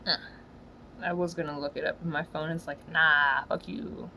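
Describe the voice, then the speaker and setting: A woman ranting in a profane, slangy monologue, swinging from low muttering to loud yelling. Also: little pitch movement, brisk, vocal fry, slight background noise, poor audio. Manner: swears constantly, slangy. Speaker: solo podcaster.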